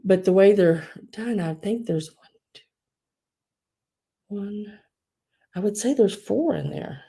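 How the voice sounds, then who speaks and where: A woman's voice: mid-range voice, slow, long pauses, warm tone, breathy edge. Giggly chatty woman. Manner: chatty, giggly, restarts often. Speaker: host of a live online sale. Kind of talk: casual live sale chat.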